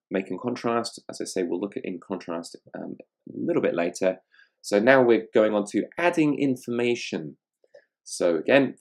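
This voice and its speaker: A middle-aged man teaching grammar over slides, reading example sentences aloud and explaining them in an unhurried way with frequent ums. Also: sits low, creaky, darkish tone. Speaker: online English tutor.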